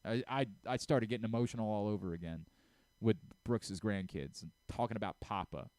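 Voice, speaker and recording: A man's voice: fairly low pitch, brisk, darkish tone, no echo. A middle-aged man hosting a sports talk radio show, speaking earnestly and emotionally, often stumbling and restarting his sentences. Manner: earnest, openly emotional, frequent stammered restarts.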